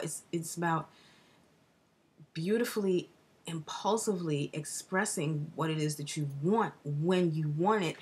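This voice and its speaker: A woman talking excitedly in a casual astrology vlog, rambling with restarts and dropping into breathy whispered asides. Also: on the low side. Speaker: astrology vlogger.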